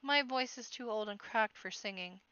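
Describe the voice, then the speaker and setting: A woman's voice: on the high side, moderate pace, pushed and bright, clean tone, no room sound, muffled recording. A woman voicing an old, wry rabbit bard who mutters knowing put-downs.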